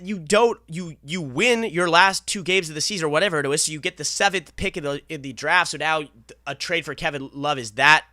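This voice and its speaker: A young man co-hosting a casual sports podcast, getting animated and fired up as he argues his point. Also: a little high, a little fast, no room sound, clean studio sound. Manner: animated, gets fired up arguing. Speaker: podcast co-host.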